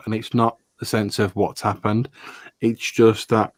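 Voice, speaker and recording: A man's voice: lowish voice, expressive, moderate pace, darkish tone, no echo. A man hosting a podcast, chatting bluntly with swearing and stammered restarts. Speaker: podcast host. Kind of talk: casual chat.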